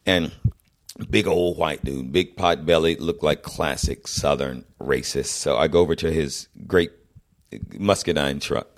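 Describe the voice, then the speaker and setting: A middle-aged man from the American South chatting casually on a comedy podcast, an animated storyteller who acts out the people in his anecdotes. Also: very deep voice, measured pace. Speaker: podcast guest.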